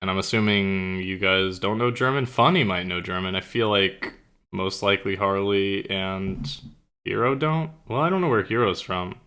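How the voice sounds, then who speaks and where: Talking into his personal streaming mic, a young streamer rambles through casual conversation with his live chat, filling it with "um"s and the occasional curse. He has a low, smooth voice with a sharp tone and speaks at a normal speed.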